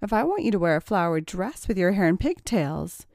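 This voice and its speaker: A woman's voice: on the low side, big pitch swings, fairly quick, darkish tone, no echo, studio quality. A woman voicing a bossy young woman who teases and commands her partner. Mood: teasing. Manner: teasing, commanding. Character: bossy young woman, teasing dominant mistress.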